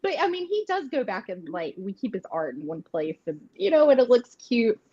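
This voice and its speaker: Woman in her thirties, easygoing giggly live-stream host, lively pitch, muffled lo-fi audio. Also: brisk, slightly rough. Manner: laughs often, chatty and rambling. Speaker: host of live tarot readings. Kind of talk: casual live-stream chat.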